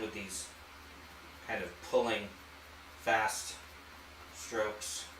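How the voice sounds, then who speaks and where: Relaxed man talking through a painting. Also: fairly low pitch, reverberant, slight background noise, rough recording. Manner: relaxed, thinks aloud while painting. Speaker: art channel host. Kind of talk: painting demonstration. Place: home art studio.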